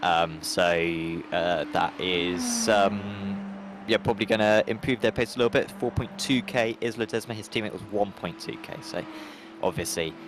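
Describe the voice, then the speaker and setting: A man's voice: fairly low pitch, normal speed, noisy background. A man commentating on a sim race, talking in a rambling, hesitant way with lots of fillers and restarts.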